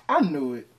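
A man hosting a reaction commentary, loud, mocking and profane. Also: on the high side, very noisy. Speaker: commentary channel host.

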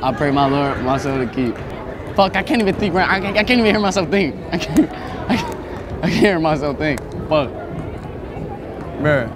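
A man's voice: fairly high pitch, lively intonation, normal speed, long pauses, noisy background. A nervous man in a crowded basketball gym, repeating himself and swearing as he calls out to the stands on a clip-on mic. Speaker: prank video creator. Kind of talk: nervous prank vlog in a crowd. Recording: loud crowd and music at a basketball game.

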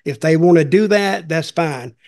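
On a podcast, an older man hosts a casual chat full of rambling, folksy tales, repeating himself along the way. His voice is a little high with a darkish tone, at a moderate pace.

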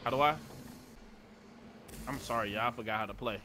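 A man's voice: medium pitch, a little fast, background noise. A young man giving laid-back, chatty gameplay commentary, swearing often and talking to his viewers. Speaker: gaming streamer.

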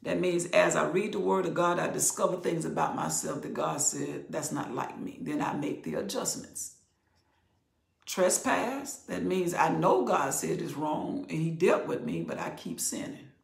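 Gravelly older woman teaching scripture. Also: lowish voice, unhurried. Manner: expressive, conversational preaching, drops to near whispers. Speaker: Bible teacher. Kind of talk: animated Bible teaching. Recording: roomy echo.

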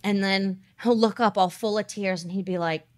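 A woman co-hosting a podcast, telling stories in a chatty, animated way with lots of fillers and quoted asides. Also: mid-range voice, moderate pace. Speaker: podcast co-host. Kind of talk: casual chat.

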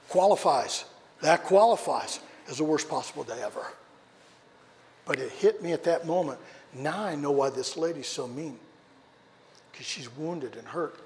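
Man preaching with animated storytelling. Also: a little high, long reverb tail. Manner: animated storytelling, swings between loud and hushed. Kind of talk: sermon with personal story. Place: church sanctuary.

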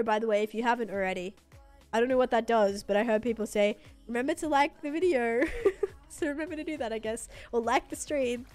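A woman's voice: a little high, a little mellow. Chatty, giggly young woman streamer. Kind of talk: casual live-stream chat while gaming.

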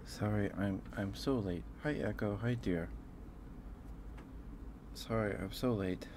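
A fairly low-pitched ASMR streamer, a bit winded after a big meal, greets his viewers warmly in a casual chat full of pauses and repetitions. Background noise can be heard behind him.

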